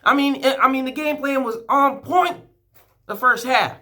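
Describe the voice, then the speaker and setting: A man's voice: very high voice, normal speed, sharp tone. A sports fan vlogger, a man, giving a heated, profane and emotional rant, rambling and restarting his sentences. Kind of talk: ranting fan vlog.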